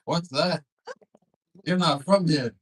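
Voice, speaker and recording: Teasing comedy club host, higher voice. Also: male voice, takes it slowly, breathy edge, poor audio. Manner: teasing, loose and profane. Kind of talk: crowd work and banter.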